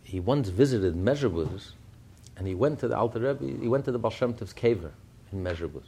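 A man's voice: on the low side, lively intonation, a little fast, dark tone, breathy edge. A man giving a Chassidic Torah lesson, firing rhetorical questions and telling stories. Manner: fires rhetorical questions, storytelling. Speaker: Torah teacher.

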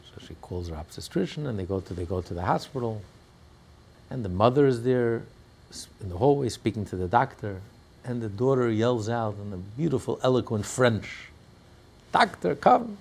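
A man teaching a class on a religious text, telling stories in an animated way and breaking into loud cries when he acts out quotes. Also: on the low side, brisk, gravelly, breathy edge. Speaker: Torah teacher.

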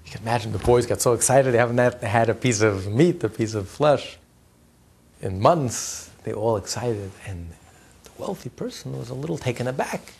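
A husky-voiced man teaching a religious class. His delivery is animated, rising and falling in volume, with frequent chuckles and repeated words as he works through an idea. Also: mid-range voice, normal speed.

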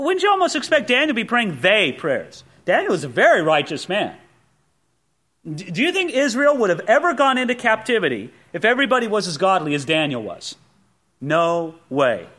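A man's voice: high-pitched, fairly bright tone. A male pastor preaching a sermon, emphatic and folksy, with rhetorical questions and personal asides.

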